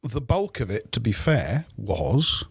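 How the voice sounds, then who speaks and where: A British man of middle pitch talks in a measured, dryly witty way, pausing on fillers as he explains his point. He is a guest on a casual podcast, and the dead, close recording has no room echo. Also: very animated, husky. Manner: measured, dry wit, hesitant fillers.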